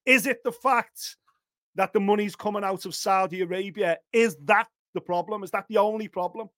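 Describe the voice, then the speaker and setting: A man hosting a fight podcast, talking casually in an animated storytelling way. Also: sits high, normal speed. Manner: animated, lively storytelling with mock voices. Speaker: podcast host. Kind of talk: casual chat.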